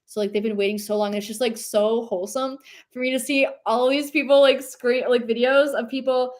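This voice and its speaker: A woman's voice: a little high, steady tone, a little fast. A young woman streamer chatting casually and rambling, reading chat aloud and laughing often.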